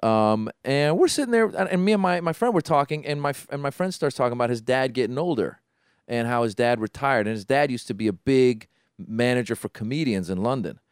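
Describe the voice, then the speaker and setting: A man on a podcast telling a story in casual chat, animated, with many restarts and acted-out voices. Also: mid-range voice, fairly quick, smooth, dry recording, clean studio sound.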